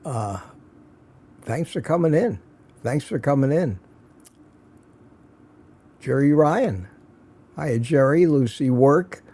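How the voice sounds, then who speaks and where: A man's voice: fairly high pitch, lively intonation, takes it slowly, long pauses, dark tone, breathy edge. A man hosting a casual morning livestream from his home studio, greeting viewers by name and reading out their comments with jokes. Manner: chatty, jokey, reads out viewer comments.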